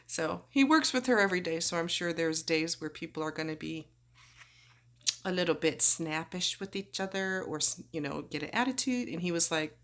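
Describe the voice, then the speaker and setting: A woman's voice: on the low side, expressive, moderate pace, a bit bright. Chatty woman telling a surgery story. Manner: chatty, rambling, acts out quoted voices. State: groggy after surgery. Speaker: vlogger. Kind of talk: casual storytelling.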